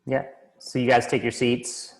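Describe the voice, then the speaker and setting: A man in the dungeon master's seat talks through a tavern scene in an easygoing, stop-and-start manner, piling up fillers as he goes. His voice sits at an ordinary middle pitch. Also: flat delivery, creaky, poor audio. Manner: casual, halting, many fillers and restarts. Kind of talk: narrating a tabletop game.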